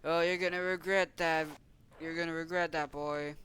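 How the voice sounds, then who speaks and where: A man's voice: on the high side, flat delivery, normal speed, sharp tone, a little hiss or hum. A man voicing a gloating, threatening male villain animatronic. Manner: taunting.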